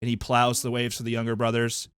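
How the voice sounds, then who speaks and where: A young man co-hosting a podcast, chatting casually and getting animated, his voice jumping up when excited. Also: medium pitch, fast, clear, resonant tone, dry recording, studio quality. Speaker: podcast co-host. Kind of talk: casual chat.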